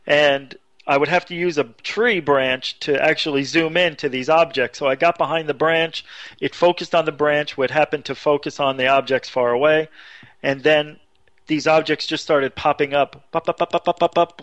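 A man telling a story casually as a radio show guest, animated, jumping his voice high when he quotes people. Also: moderate pace, no echo, highs cut off. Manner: animated, acts out quotes with sudden high pitch.

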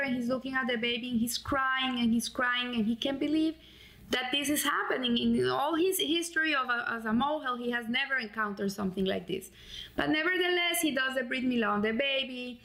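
Woman with a slightly high voice, teaching earnestly. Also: creaky, fairly bright tone, low-quality recording. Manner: earnest, heartfelt storytelling. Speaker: Torah teacher. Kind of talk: weekly Torah portion lesson.

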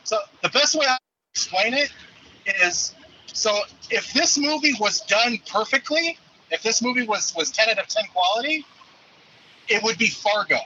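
Chatty movie guy calling in, husky voice, keeps repeating himself, dull muffled line. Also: sits high, animated, moderate pace, bright, forceful tone. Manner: hesitant, repeats words, profane. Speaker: caller, movie reviewer. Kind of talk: casual call-in chat.

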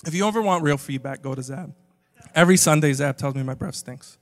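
A young pastor preaches to a live audience in a large church auditorium, and the recording carries the hall's long reverb. His voice sits on the high side and moves briskly, casual and conversational, peppered with "like"s. He swings between quiet stretches and loud, emphatic bursts.

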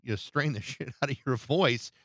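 A man's voice: medium pitch, normal speed, fairly bright tone, dry recording. A male interviewer talking casually, with a mid-range voice that often halts and stumbles over words. The sound is dry and close, with no room around it.

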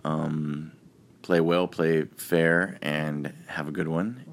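Man, extremely low voice, podcast host, casual chat, step-by-step examples. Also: little pitch movement, slow pace, a little hiss or hum. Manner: talks through examples step by step.

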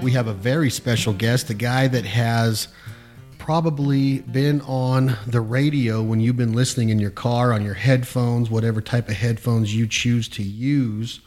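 A man's voice: medium pitch, steady tone, unhurried, a little mellow, soft background music. A man hosting a podcast, chatty and upbeat, introducing his guest and asking eager questions. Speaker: podcast host. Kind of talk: casual podcast interview.

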